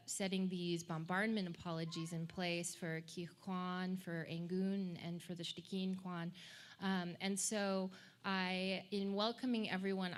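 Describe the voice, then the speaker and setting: A woman from Alaska, a tribal administrator, giving an earnest, emotional welcome speech at a public event. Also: on the low side. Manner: emotional, earnest, formal introductions. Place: public event before an audience.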